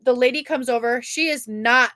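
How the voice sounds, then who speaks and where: A young woman, co-hosting a podcast and telling a rambling, animated story in casual chat, swearing freely. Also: on the high side, moderate pace, no room sound. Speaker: podcast co-host.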